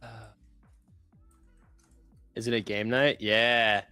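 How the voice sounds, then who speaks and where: Low-voiced man reading market news. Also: slow, clean tone, no echo, faint music behind. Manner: relaxed, joking, reads market news aloud. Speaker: trading stream co-host. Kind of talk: casual live-stream chat with market commentary.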